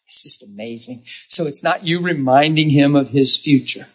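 A man's voice: a little high, normal speed, slightly rough. A man preaching a sermon, telling stories in an emphatic, direct way. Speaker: pastor.

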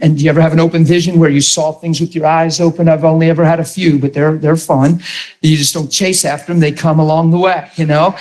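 A middle-aged man preaching a sermon, telling stories with animated emphasis. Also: fairly high pitch. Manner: animated, rises to near-shouting when retelling a story. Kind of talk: sermon storytelling.

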